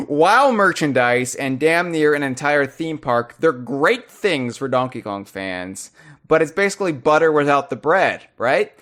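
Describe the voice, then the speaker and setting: A man hosting a casual podcast, talking fast with loud, animated bursts. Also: a little high. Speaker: podcast host.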